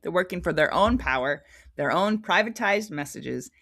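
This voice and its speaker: A woman's voice: lowish voice, animated, normal speed, a bit bright, soft background music. A woman hosting a casual livestream, reading scripture aloud with frequent giggles and chatty asides. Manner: giggly, chatty, prone to tangents.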